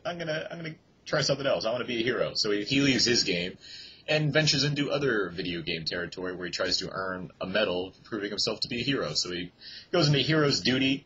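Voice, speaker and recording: A male podcast host recaps a film in casual, rambling chat, often correcting himself mid-sentence. His voice is bright and forward but very raspy, and the recording is muffled. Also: fairly low pitch. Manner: rambling, self-correcting summary.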